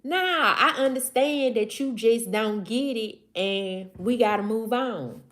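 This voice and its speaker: A woman with a Mississippi Southern accent hosts a casual livestream, speaking directly to her chat in loose, repetitive slang. Her voice is on the high side and a bit bright, and she talks slowly.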